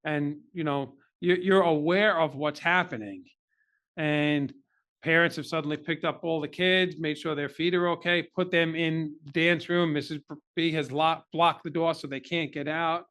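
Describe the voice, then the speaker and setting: Man, slightly higher voice, heartfelt storyteller, candid interview guest. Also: a bit bright. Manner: earnest, emotional personal storytelling. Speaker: podcast guest.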